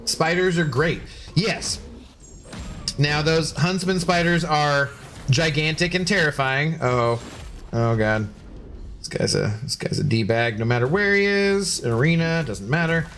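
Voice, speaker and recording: A man's voice: fairly high pitch, animated, a little slow, a bit bright, soft background music. A man streaming a game and chatting casually with his viewers, joking, sarcastic and swearing freely. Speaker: gaming streamer reading chat. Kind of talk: casual live-stream chat.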